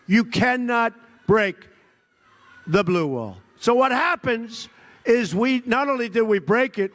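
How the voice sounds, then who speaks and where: At a political rally, a man with an extremely high, fairly bright voice boasts and repeats himself while mocking his opponents. He keeps slipping into the quoted voices of other people.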